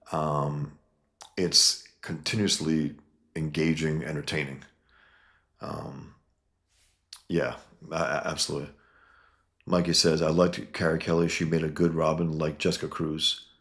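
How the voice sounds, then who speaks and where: A man reviewing a comic book in casual video chat, blunt and opinionated, with lots of ums. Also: very deep voice.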